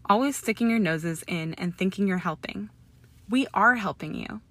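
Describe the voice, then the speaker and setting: A woman voicing a scornful, hot-tempered young male wizard who snarls and shouts in an audiobook reading. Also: mid-range voice, moderate pace, no room sound. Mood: angry, shouting.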